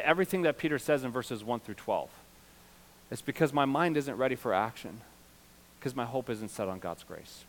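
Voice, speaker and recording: Dynamic preaching man, loud then hushed. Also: animated, moderate pace. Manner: dynamic preaching, swinging from loud emphatic peaks to low confiding asides. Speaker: pastor. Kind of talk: sermon.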